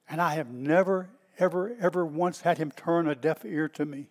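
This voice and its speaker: A middle-aged man with a Southern US accent, a pastor preaching in a folksy, storytelling way that bursts out loud at times. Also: fairly high pitch, normal speed, few pauses, long reverb tail. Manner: folksy and animated, stretches words, bursts out loud. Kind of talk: storytelling sermon.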